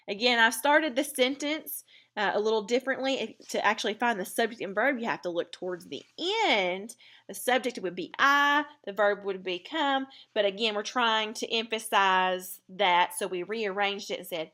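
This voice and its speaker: A woman teaching a recorded writing lesson, explaining clearly and deliberately with occasional fillers. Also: medium pitch, a bit bright.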